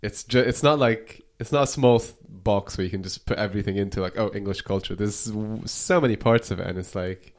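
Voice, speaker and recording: This podcast guest speaks on the low side, briskly and with few pauses. He's casual and rambling, filling his speech with "like" and swearing without hesitation.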